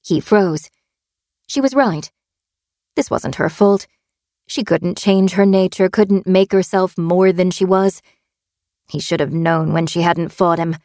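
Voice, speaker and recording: A woman reads a suspense audiobook in a steady, tense narrating voice. Her voice sits on the low side. The sound is close and dry, with no room around it. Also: unhurried, dry recording.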